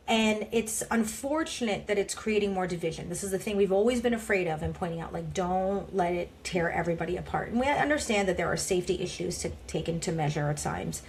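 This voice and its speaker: A woman's voice: medium pitch, lively intonation, normal speed, a little hiss or hum. A woman co-hosting a podcast who speaks in an earnest, impassioned way. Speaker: podcast co-host. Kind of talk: podcast discussion.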